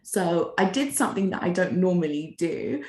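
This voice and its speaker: A woman casually telling a story about a rude client, acting out the quoted lines with big jumps in her voice. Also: moderate pace. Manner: animated, acts out quoted dialogue with big pitch jumps. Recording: roomy echo.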